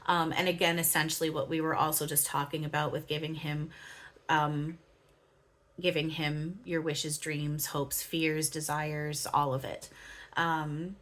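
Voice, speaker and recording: A young woman speaks in a casual spiritual monologue, filling her talk with "um"s and little giggles. Her voice sits a bit low for a woman. She sounds close to a home webcam mic. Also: flat delivery, unhurried, a bit bright. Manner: rambling, giggly, many fillers. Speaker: spiritual channeler.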